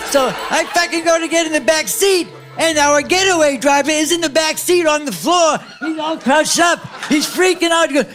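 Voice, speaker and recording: A man's voice: extremely high pitch, normal speed, fairly bright tone. An older man telling a long, rambling, profane story as a stand-up guest, chuckling at himself as he goes. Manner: profane, meandering, laughs at himself. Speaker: comedian guest. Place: comedy club stage. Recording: live club with crowd and music.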